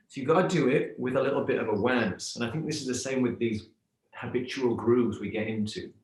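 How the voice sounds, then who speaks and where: A man's voice: mid-range voice, fast, darkish tone. A middle-aged man talking reflectively as a podcast guest, telling stories and analogies in a thoughtful way. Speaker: yoga teacher, podcast guest. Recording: roomy echo.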